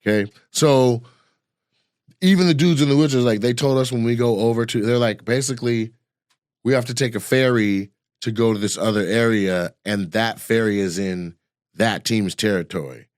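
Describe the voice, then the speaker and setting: A man co-hosting a casual chat, telling animated stories and acting out the voices of the people in them. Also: mid-range voice, normal speed, no echo, clean studio sound.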